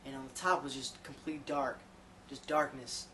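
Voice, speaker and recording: A man's voice: mid-range voice, steady tone, moderate pace, bright, forceful tone, a little hiss or hum. A man telling a comic story about himself in a casual, profane, rambling, self-deprecating way.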